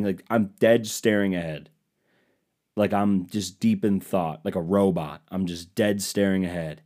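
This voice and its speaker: Low-voiced man telling comic stories. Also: darkish tone. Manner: casual, profane, self-deprecating. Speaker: podcast host. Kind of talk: comedic storytelling monologue.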